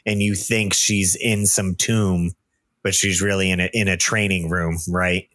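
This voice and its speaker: Bright-voiced, lower-pitched male podcast guest. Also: a little slow, no room sound. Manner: relaxed, chatty storytelling. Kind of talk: casual film discussion.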